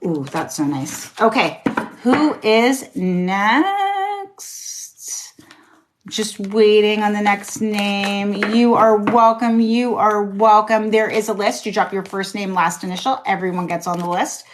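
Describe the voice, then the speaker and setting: A woman's voice: mid-range voice, fairly even intonation, normal speed, hardly any pauses, slight background noise. A woman doing casual, encouraging tarot readings on a live stream, swearing now and then. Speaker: tarot reader.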